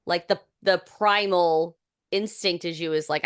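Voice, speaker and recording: This young woman co-hosting a podcast has a fairly low voice and a measured pace. She chats casually and rambles, heavy on fillers and restarts, livening up when something amuses her, all in studio quality with no room sound.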